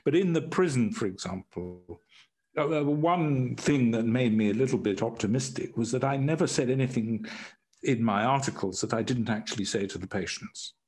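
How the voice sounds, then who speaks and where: A man who worked as a prison doctor, telling stories in an interview in a halting way, with many restarts and chuckles at his own anecdotes. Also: mid-range voice, a little mellow. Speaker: former prison doctor and writer.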